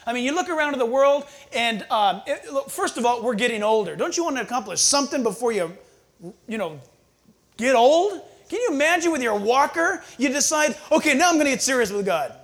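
Here the preacher sounds high-pitched, animated and brisk. The sermon stays conversational, full of rhetorical questions aimed at the congregation and brief acted-out scenes voiced through quotations.

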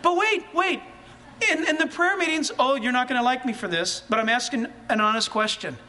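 A man preaching a sermon, animated and full of rhetorical questions that rise toward shouts. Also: very high-pitched, brisk. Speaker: pastor.

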